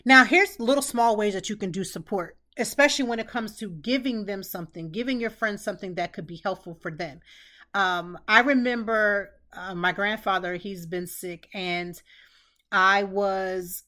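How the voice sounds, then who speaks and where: A middle-aged woman from Pennsylvania hosts a podcast, offering casual advice earnestly and repeating phrases for emphasis. Her voice is medium-pitched, pushed and bright, at a moderate pace.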